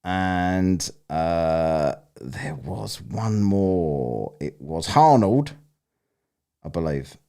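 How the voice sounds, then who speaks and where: A man's voice: deep voice, sing-song, very slow, dark tone, clean tone. A man hosting a casual live-stream, rambling, swearing and laughing as he plays listener clips. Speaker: streamer hosting a soundbite contest.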